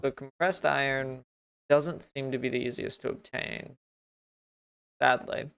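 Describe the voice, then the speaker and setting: A man's voice: medium pitch, steady tone, unhurried, gravelly, fairly bright tone, slight background noise. A man livestreaming a video game, thinking aloud in a rambling, self-mocking way as he sets up his desk mic. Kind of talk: casual gameplay commentary. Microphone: desk mic with noise gate.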